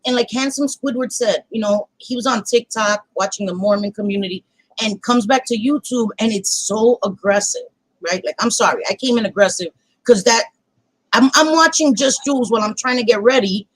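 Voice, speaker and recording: A woman, chatting on a livestream in a blunt, heated way and cursing freely. Her voice sits a little high and sounds dry and close, with no room around it. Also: brisk, no room sound, low-quality recording. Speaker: channel host. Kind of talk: casual livestream chat.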